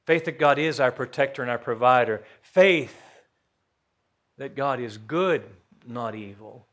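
A man preaching a sermon as pastor, folksy, questioning his congregation and rising to loud emphasis. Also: medium pitch, unhurried.

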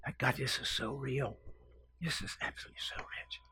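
A man preaching a sermon, dropping to hushed whispers and then rising to loud, fervent cries, repeating phrases for emphasis. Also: medium pitch, moderate pace, slightly rough.

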